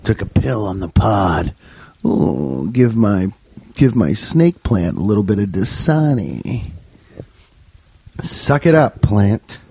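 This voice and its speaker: Rambling, joking man with a warm, mellow voice. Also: on the low side, sing-song, slow, creaky, breathy edge. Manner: loose, joking, self-interrupting. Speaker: podcast host and comedian. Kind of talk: casual rambling podcast monologue. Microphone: podcast microphone.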